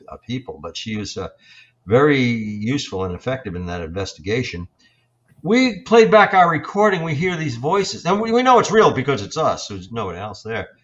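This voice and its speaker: A man in his sixties, a paranormal investigator, telling his experiences in a halting, reflective way with many fillers and restarts. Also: fairly low pitch, lo-fi sound. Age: 60s. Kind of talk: storytelling in an interview.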